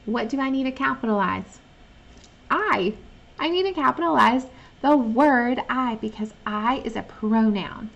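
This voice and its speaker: Gravelly-voiced teacher modeling her writing. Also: on the high side, fairly bright tone, dull audio. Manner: patient, modeling her own thinking aloud; reads sample sentences slowly and clearly. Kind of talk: online lesson for young children.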